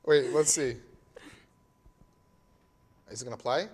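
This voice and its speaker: A man's voice: medium pitch, slow, a little mellow, slightly rough. A young man in his early twenties anchoring a student news show, mixing scripted reading with chatty, self-deprecating banter. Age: young adult.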